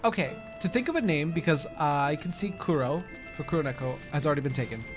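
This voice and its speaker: A man's voice: fairly high pitch, lively intonation, quick pace, soft background music. A man live-streaming a game, chatting to his viewers in a giggly, rambling way. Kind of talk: casual live-stream chat while gaming.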